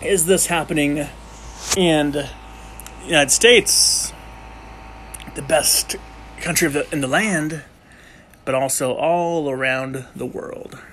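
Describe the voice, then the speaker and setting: A man with a slightly high voice talks through history in a loose, offhand way. He speaks slowly, stumbles and restarts often, and drops in jokes, with a faint hiss underneath. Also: fairly bright tone. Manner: rambling, jokey, many restarts and self-corrections. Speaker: amateur history presenter. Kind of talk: casual unscripted history explainer.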